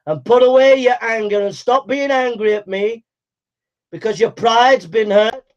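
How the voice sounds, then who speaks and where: A man preaching a fiery sermon, calling listeners to repent with forceful, repetitive exhortations and shouted commands. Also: extremely high pitch, unhurried. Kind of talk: fiery street-style sermon. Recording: dull lo-fi recording.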